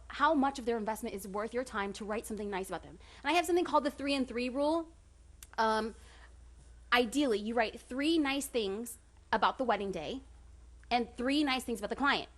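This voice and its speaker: A woman giving a casual seminar talk on running a photography business, chatty and direct with quick asides. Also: on the high side, a bit bright. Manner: direct, self-described authoritative.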